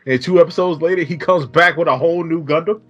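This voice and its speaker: A man's voice: fairly high pitch, fast talker, a bit bright, dull audio. A man co-hosting a podcast, chiming in casually and laughing along with his partner. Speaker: podcast co-host.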